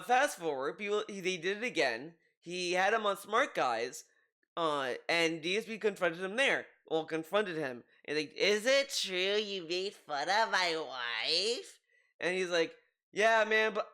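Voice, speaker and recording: A man's voice: sits high, sharp tone. A man giving casual commentary, rambling with frequent restarts and asides. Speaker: commentary youtuber.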